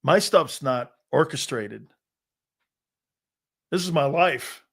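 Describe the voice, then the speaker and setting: This man in his fifties hosts a sports talk show, swapping brash, boastful stories packed with restarts and acted-out quotes in casual storytelling. His husky, fairly bright voice sits on the high side, moving slowly with lively intonation.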